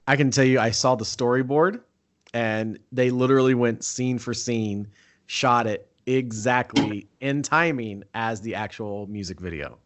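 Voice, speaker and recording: A man chatting casually as host, telling an excitable story and acting out what people said. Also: mid-range voice, a little slow. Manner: excitable storyteller, acts out quoted talk. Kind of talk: casual chat.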